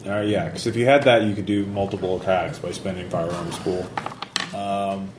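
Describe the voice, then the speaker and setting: A man's voice: low-pitched, steady tone, normal speed, echoey room, noisy background. A man narrating a tabletop game as game master, rambling with many fillers and restarts.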